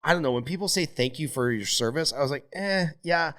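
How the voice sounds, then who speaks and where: A middle-aged man hosts a podcast in loose, casual conversation. He swears freely and tells animated stories, and his voice climbs high when he gets worked up. His pitch sits in the middle range for a man. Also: quick pace. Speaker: podcast host.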